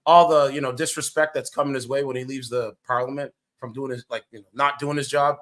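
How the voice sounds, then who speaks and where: A man's voice: mid-range voice, fairly even intonation, fast, fairly bright tone. A man giving casual, blunt reaction commentary, rambling and swearing as he goes. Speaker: streamer commentator.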